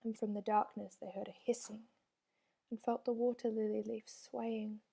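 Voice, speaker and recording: A woman reading a children's storybook aloud with steady, expressive narration. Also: fairly high pitch, moderate pace, vocal fry, slightly rough. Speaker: reader.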